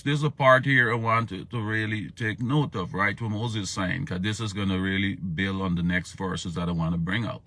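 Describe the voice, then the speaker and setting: A man's voice: fairly low pitch, steady tone, a little fast, hardly any pauses, a bit bright, no room sound. A man hosting a live morning devotional stream, talking informally, greeting viewers by name and repeating himself. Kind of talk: casual live-stream Bible talk.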